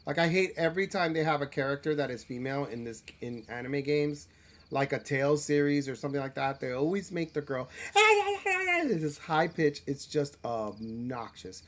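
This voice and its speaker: A man's voice: fairly high pitch, sing-song, normal speed, fairly bright tone. A man streaming a role-playing game live, talking in a rambling, self-deprecating way with frequent restarts and filler words. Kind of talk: casual live gameplay commentary.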